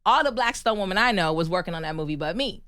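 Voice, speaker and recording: A woman from the United States, a guest on a podcast interview, telling her story in an animated, emphatic way and laughing often. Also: fairly low pitch, fast, dry recording, studio quality. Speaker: guest, actress and stunt performer.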